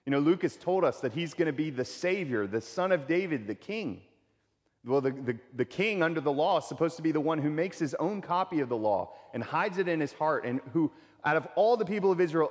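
A pastor preaching a sermon in a conversational way, repeating key phrases for emphasis. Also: male voice, medium pitch, in a large hall.

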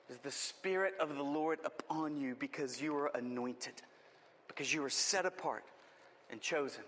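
A man's voice: a little high, normal speed, a bit bright, big-room sound. A man preaching a sermon as pastor, with impassioned, rising emphasis.

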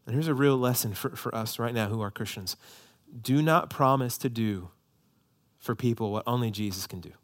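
A man in his thirties preaching a sermon as a pastor, swinging between quiet, tender asides and raised, emphatic calls. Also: medium pitch, normal speed.

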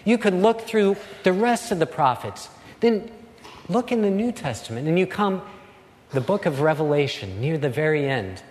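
Male pastor, measured sermon delivery, slightly high voice, long hall reverb. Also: big pitch swings, a little mellow. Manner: slow, earnest preaching with dramatic pauses.

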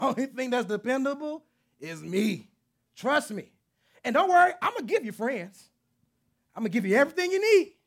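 A man's voice: very high-pitched, vocal fry, fairly bright tone, exaggerated voice. A man voicing God as a patient, teasing father figure who chats in a laid-back way.

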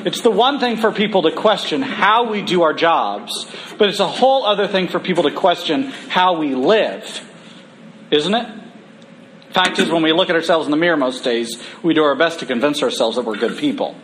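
A man preaching a conversational sermon, humorous at times and slowing down for emphasis. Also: on the high side, expressive, fairly bright tone, a little hiss or hum.

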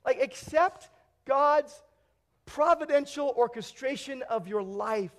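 A man preaching a sermon in a church, earnest, swinging between emphatic declarations and hushed, quiet stretches. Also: extremely high pitch, expressive, slow pace. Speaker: pastor.

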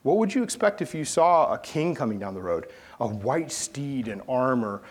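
A male preacher in his thirties delivers a sermon in a mid-pitched voice. He tells his stories with lively swings, rising to loud calls and dropping to near-whispered asides. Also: moderate pace. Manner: animated storytelling, swings from shouting to hushed. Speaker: pastor.

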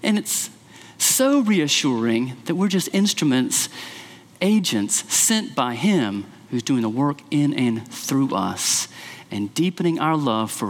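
A male pastor preaching a sermon and telling a story with animated acted quotes. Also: mid-range voice. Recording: long hall reverb.

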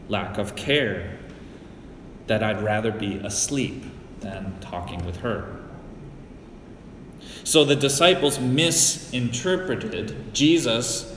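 A middle-aged man from the Great Lakes region of the US, preaching a sermon as a pastor in a slow, deliberate storytelling manner with personal anecdotes, recorded in a church sanctuary. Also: mid-range voice, a bit bright, a little hiss or hum. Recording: echoey hall with long reverb.

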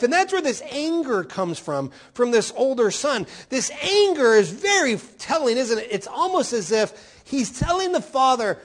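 Middle-aged male pastor, lively sermon delivery, high voice with lots of swing, keeps asking the congregation rhetorical questions. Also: moderate pace, hardly any pauses. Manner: animated, rhetorical questions, voicing quoted speakers.

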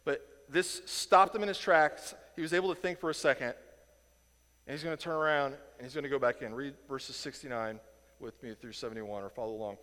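A man from Indiana teaching a Bible lesson in a casual, animated way, acting out the people in the story and chuckling as he goes. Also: mid-range voice, fairly quick, long reverb tail. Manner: animated, acts out quoted voices, chuckles.

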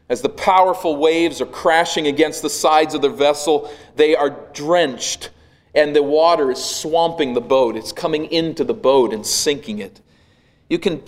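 Preaching a sermon, a male pastor with a medium-pitched voice retells a scene through vivid, dramatic storytelling that swells and then drops to a hush.

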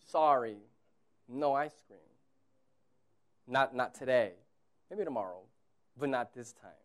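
This thirtysomething pastor has a high-pitched voice and preaches conversationally. Quiet side remarks give way to loud, emphatic repeated phrases.

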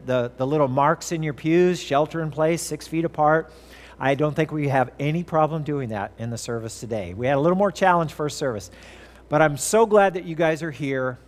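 A pastor in his fifties, preaching and telling stories in a fairly high voice. His words ring out with long reverb through a church hall, and he breaks into playful asides as the story goes on. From California. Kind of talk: sermon. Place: church sanctuary.

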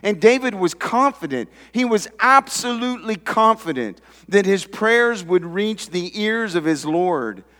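A man's voice: expressive, a little slow, few pauses, fairly bright tone. Preaching male pastor in reverberant hall. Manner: preaching with emphatic rises in pitch and volume. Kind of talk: sermon.

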